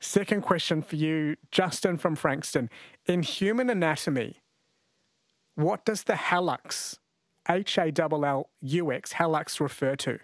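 An Australian man with a higher-pitched voice keeps a measured pace while hosting a radio quiz, chatty, full of jokes, and quick to laugh. The radio host is recorded dry on a studio mic.

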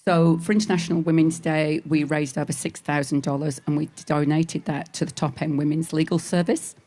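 A woman's voice: low voice, dark tone. A woman, a charity volunteer interviewed at an outdoor stall, earnest and matter-of-fact. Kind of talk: casual interview.

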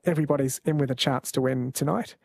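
A man hosting a late-night radio quiz, relaxed and chatty. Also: medium pitch, quick pace, gravelly, breathy edge, dry recording. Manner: relaxed, chatty, laughs easily. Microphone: studio mic.

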